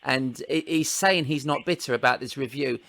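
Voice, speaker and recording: A man hosting a podcast, chatty and quick to laugh as he wraps up an interview. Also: medium pitch, creaky. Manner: chatty, laughs often, warm thanks. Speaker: podcast host. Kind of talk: casual interview and outro.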